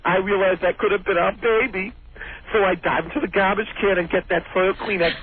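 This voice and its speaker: A man with a Boston accent calling in, yelling excitedly into the phone. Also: sits high, brisk, breathy edge, no room sound. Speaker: caller. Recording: tinny phone line.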